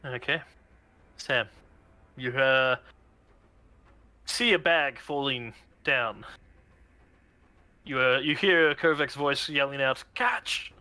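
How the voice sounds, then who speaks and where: Bright-voiced man running a tabletop game. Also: mid-range voice, takes it slowly, long pauses, clean tone, no room sound. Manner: relaxed, with frequent filler agreements. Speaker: game master.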